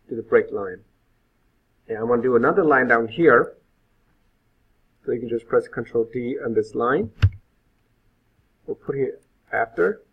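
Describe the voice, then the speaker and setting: A man's voice: medium pitch, vocal fry, a little hiss or hum. A male web instructor giving an informal live coding lecture, thinking aloud with frequent fillers. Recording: phone-like lo-fi sound.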